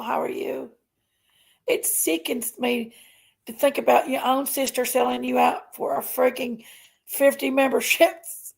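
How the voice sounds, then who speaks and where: A woman's voice: high voice, creaky, slightly rough. A woman hosting a casual livestream, ranting indignantly and emphatically while reading chat aloud. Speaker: live stream host.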